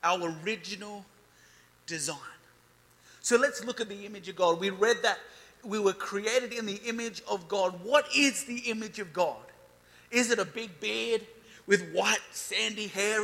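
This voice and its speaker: A man's voice: sits high, normal speed, gravelly, bright, forceful tone. A man in his thirties preaching a youth sermon, declaring and building emphasis as he reads scripture. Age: 30s. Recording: reverberant hall.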